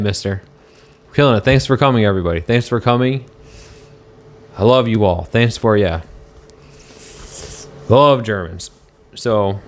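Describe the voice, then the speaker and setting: A man on a casual live stream, answering chat in a rambling, argumentative way and swearing now and then. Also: medium pitch.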